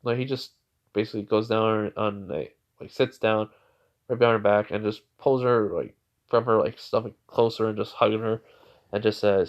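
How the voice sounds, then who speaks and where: A man's voice: on the low side, fairly even intonation, moderate pace. A man narrating an improvised fan story in a rambling way, full of fillers and restarts. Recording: dull lo-fi recording.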